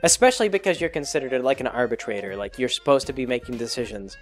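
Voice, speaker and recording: A man's voice: mid-range voice, fast, faint music behind. A man hosting his own show, recapping a video game in a rambling, exasperated way with lots of filler words. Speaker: blog host. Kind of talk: casual gaming recap monologue.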